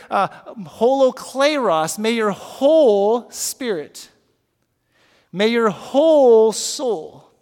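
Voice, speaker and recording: A male pastor preaching a sermon, moving from hushed, slow prayer to loud emphatic teaching, and leading his congregation in repeating words. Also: sits high. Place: church sanctuary. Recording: long reverb of a large hall.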